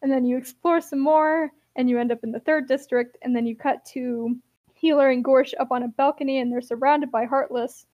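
A woman's voice: high voice, fairly even intonation, a little fast, dry recording, muffled recording. A young woman hosting, giving a chatty, wry comic recap of a game's plot and laughing often.

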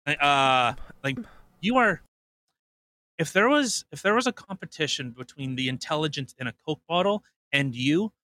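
A man's voice: on the high side, expressive, normal speed, pushed and bright, no echo. A man co-hosting a podcast, joking in casual chat and piling on fillers. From Canada. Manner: joking, many repeated fillers like "like". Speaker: podcast co-host.

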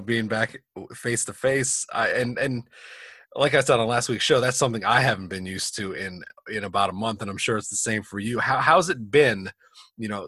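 A man co-hosting a casual podcast, chatty and relaxed, with plenty of fillers and restarts. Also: on the low side, slightly rough, dry recording, clean studio sound. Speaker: podcast co-host.

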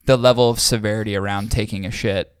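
A man's voice: fairly low pitch, steady tone, quick pace, smooth, no echo, clean studio sound. A man co-hosting a casual podcast, telling a story in a rambling, hesitant way with fillers and restarts. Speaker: podcast co-host. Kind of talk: casual chat.

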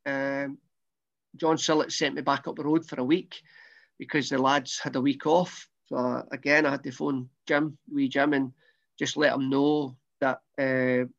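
A man's voice: medium pitch, little pitch movement, unhurried, vocal fry. A middle-aged Scottish man, a former footballer, recounting his career in a rambling, casual way with many restarts. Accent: Scottish, softened. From Scotland. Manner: rambling, repeats words, restarts often. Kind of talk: casual storytelling interview. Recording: dull lo-fi sound.

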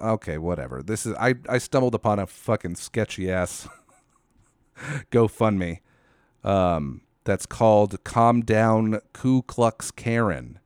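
A man's voice: on the low side, expressive, measured pace, dry recording, studio quality. Profane sardonic man ranting. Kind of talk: solo commentary rant.

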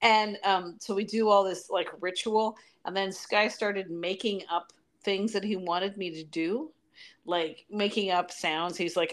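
Woman, 40s, middle-pitched voice, lively casual storytelling on a podcast. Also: measured pace. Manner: storytelling, animated. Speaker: podcast co-host. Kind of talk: casual chat.

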